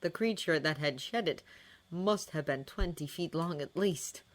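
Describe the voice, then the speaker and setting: Female narrator, low register, expressive dramatic audiobook reading. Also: unhurried. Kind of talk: fan fiction audiobook reading.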